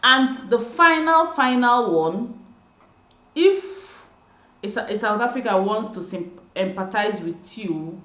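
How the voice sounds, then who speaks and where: Brief: young Nigerian woman, chatty vlogger, animated delivery, roomy echo. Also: medium pitch, slow. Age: young adult. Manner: chatty, animated, laughs often. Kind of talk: casual explainer vlog.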